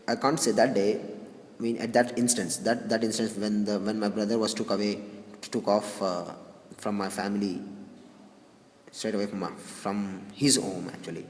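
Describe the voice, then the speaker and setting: A grieving man recalling a family funeral, speaking haltingly with many restarts and sighs. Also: on the low side, darkish tone. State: grieving, subdued. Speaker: grieving brother recounting a funeral. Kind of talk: personal spoken recollection. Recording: roomy reverberant hall with faint noise.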